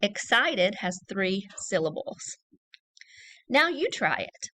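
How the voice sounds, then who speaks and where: A woman teacher giving a recorded early-grade reading lesson, saying each word slowly and clearly and repeating it for young children. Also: mid-range voice, very animated, bright, forceful tone.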